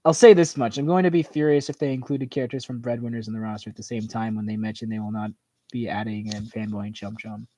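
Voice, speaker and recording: A man hosting a livestream in a casual, rambling chat, filling his talk with "like" and "you know" as his voice tires and goes hoarse. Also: lowish voice, fairly even intonation, dark tone, no room sound. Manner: rambling, full of "like" and "you know", quick laughs. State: voice tiring and hoarse. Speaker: livestream host. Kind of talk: casual chat reacting to viewer comments.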